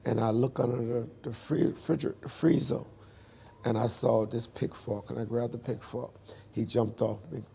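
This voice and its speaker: A man in an interview, telling his life story in a lively storytelling way and acting out the dialogue. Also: mid-range voice, moderate pace, creaky, breathy edge.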